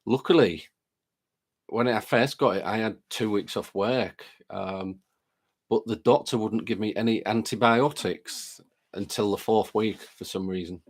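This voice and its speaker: A man's voice: on the low side, measured pace. A man hosting a live stream, chatting casually and greeting viewers by name while reading their comments aloud, with a lingering chest cold.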